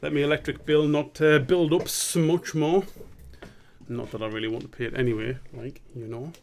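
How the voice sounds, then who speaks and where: A man's voice: a little high, fairly even intonation, normal speed, vocal fry, noisy background. A man chatting casually on a live stream, rambling and swearing as he pokes fun at himself. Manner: rambling, sweary, self-mocking.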